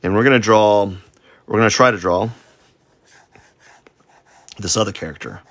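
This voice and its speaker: A man talks through a live drawing stream in a loose, rambling way, poking fun at his own sketches and dropping goofy sound effects. His voice sits low with a gravelly fry. The sound is dry and close. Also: moderate pace, a bit bright, no room sound. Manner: rambling, self-deprecating, with silly sound effects. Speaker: artist streaming a drawing session. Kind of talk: casual live-stream commentary while drawing.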